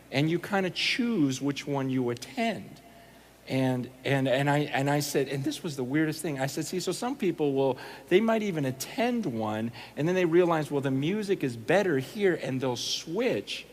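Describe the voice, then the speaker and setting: A male pastor tells stories in a conversational, animated sermon, acting out bits of dialogue as he goes. His voice sits a little higher than most men's. A faint hiss sits under the recording. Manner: animated, quotes others in conversational asides. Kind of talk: sermon storytelling.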